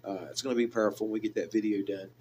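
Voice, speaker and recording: A man's voice: lowish voice, steady tone, rapid-fire, dark tone, lo-fi sound. Man, radio host, Southern hill-country accent, rambling casual chat, studio mic, faint hiss. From American South. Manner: rambling, many restarts and fillers. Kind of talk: casual on-air chat with a caller.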